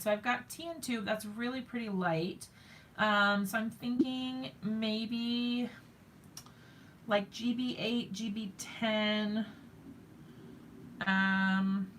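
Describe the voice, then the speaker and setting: A woman's voice: mid-range voice, a bit bright, slight background noise. A woman hosting a live crafting stream, chatting with viewers and thinking aloud as she works, often joking at her own expense. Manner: talks to viewers while working, thinks aloud, self-mocking.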